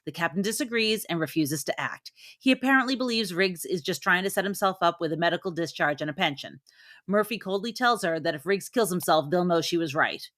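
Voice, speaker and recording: A woman with a fairly low voice recaps a movie's plot in a steady, even way on a review podcast. The sound is dry and close, with no room echo. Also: fairly quick. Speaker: podcast co-host. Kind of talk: reading a plot recap, then casual chat.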